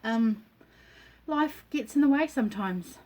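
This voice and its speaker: This middle-aged woman rambles unhurriedly to the camera about her crafts from her home dining nook, her rather high, darkish voice expressive throughout. She fills her chat with ums and lets out an occasional cough.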